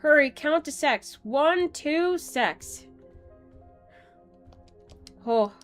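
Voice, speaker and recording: A woman's voice: sits high, lively intonation, extremely slow, faint music behind. A young woman streaming a game, chatting casually and rambling with playful asides. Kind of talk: casual gaming stream chat.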